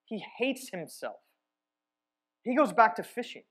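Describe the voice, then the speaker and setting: A man with a slightly high voice preaching a sermon. He retells the story vividly, pressing some words hard and dropping others to a near-hush. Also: sing-song, measured pace. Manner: storytelling, swinging between emphatic and hushed. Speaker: church teacher.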